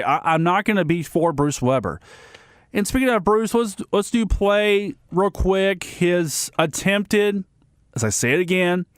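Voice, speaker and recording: A man's voice: a little high, smooth, dry recording, clean studio sound. Blunt ranting male sports host. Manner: blunt, ranting, repeats himself, many restarts. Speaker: sports radio segment host. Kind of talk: opinionated sports commentary.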